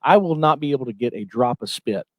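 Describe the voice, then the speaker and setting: A man co-hosting a podcast in an easy, rambling way. He talks at a mid pitch and leans on a lot of fillers. The sound is close and dry. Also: expressive, fast, dry recording. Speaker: podcast co-host. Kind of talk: casual podcast chat.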